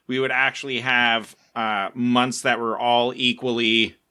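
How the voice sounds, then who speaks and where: A man's voice: medium pitch, little pitch movement, a little slow, pushed and bright, clean tone. A man co-hosting a casual podcast, joking and wry in a skeptical way. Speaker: podcast co-host. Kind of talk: casual chat.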